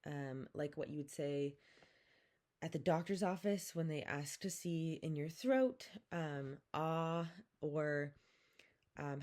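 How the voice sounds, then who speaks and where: Slow, patient woman teaching vowel sounds. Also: sits low, darkish tone. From Pacific Northwest, Coast Salish community. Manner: slow and careful, repeats each sound, drawn-out demonstrations. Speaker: language teacher. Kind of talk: slow, patient vowel lesson with call-and-repeat.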